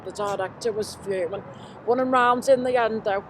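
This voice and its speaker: A woman with a mid-range, moderately paced voice close to everyday speech performs as a chatty Scouse woman pushing a shopping trolley. As a comic presenter on a noisy city street, she has the rambling Liverpool character keep interrupting the sketch with her own stories.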